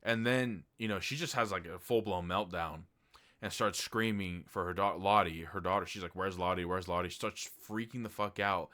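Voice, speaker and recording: A man's voice: low-pitched, moderate pace, pushed and bright. A man casually reviewing a TV series, talking loosely with lots of fillers and the odd swear word. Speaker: TV review vlogger.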